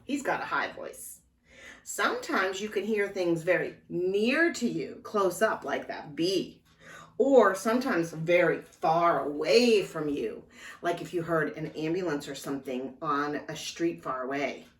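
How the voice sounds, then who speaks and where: A woman giving a slow, gentle lesson to young children as a librarian, talking straight to them. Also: fairly low pitch, animated, far from the mic. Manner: slow, gentle, speaking directly to small children. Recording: echoey room, voice a bit off-mic. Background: clock ticking.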